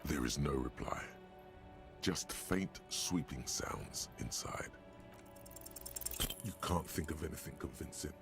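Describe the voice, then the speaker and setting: A video game in an extremely deep voice, grave and deliberate. Music plays clearly behind him. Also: male voice, full character voice. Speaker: game narrator. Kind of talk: scripted narration.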